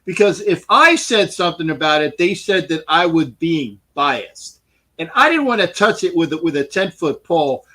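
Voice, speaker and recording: Loud high-voiced sports show host. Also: male voice, moderate pace, rough recording. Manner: loud, animated, pirate-captain slang like "shipmate". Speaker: podcast host. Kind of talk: casual sports talk show.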